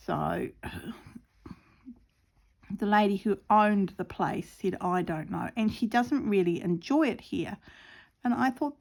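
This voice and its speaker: A middle-aged crafting vlogger chats casually, rambling and animated, and acts out her pets and the birds. Her voice is medium in pitch with vocal fry.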